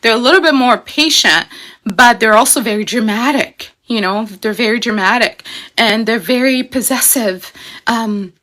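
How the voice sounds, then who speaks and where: Woman, astrology host, casual livestream chat, emphatic, chatty, fairly high voice. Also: normal speed, sharp tone. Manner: chatty and emphatic, with frequent "you know" and "okay?". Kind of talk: casual explanatory livestream talk.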